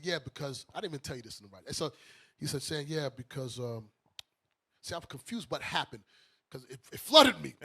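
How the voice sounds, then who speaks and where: A man from Brooklyn hosting a talk show, telling a story casually in an animated, joking way. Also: high-pitched. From Brooklyn, New York. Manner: animated, joking, often laughs mid-story. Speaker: host and bishop.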